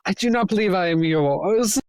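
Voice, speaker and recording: Um homem fazendo uma senhora mais velha e afetada, de voz alta e teatral. Fala de modo antiquado e pomposo, numa gravação seca e próxima. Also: male voice, high-pitched, animated, moderate pace, darkish tone, clean tone, dry recording, clean studio sound. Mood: polite. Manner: prim, old-fashioned, theatrical. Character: genteel older woman, theatrical, prim.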